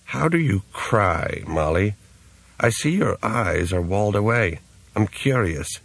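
A man's voice: fairly low pitch, animated, slow pace, vocal fry, slightly rough, no echo, heavily acted. A man doing a slurred, menacing old man. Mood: languid. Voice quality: slurred, drunken. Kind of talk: audiobook character voice.

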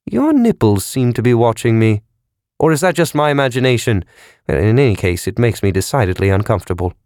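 A man's voice: medium pitch, animated, fairly quick, a little mellow, no room sound, close to an everyday voice. A man narrating a story, voicing a severe, educated man who speaks in a precise, dry and cutting way. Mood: cool.

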